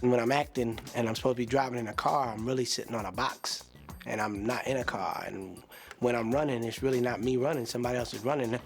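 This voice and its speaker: A man, an actor, talking in a lively, joking and demonstrative way in a behind-the-scenes interview. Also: mid-range voice, fast, creaky, soft background music.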